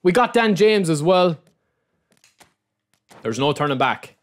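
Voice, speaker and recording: An excitable Irish man streaming a card-pack opening, his fairly high voice swinging widely in pitch. He talks straight to his viewers and repeats his lines over and over. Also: slow pace. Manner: excitable, repeats phrases, keeps addressing the viewers as lads. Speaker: gaming YouTuber opening card packs. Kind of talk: live-streamed gaming commentary.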